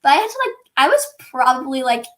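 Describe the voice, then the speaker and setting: A teenage girl with a high, bouncy voice that swoops up and down as she tells stories. She giggles often and slips into little impressions of the people around her. Casual, chatty interview talk. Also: quick pace. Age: teens. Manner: giggly, animated, acts out quoted dialogue. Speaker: guest.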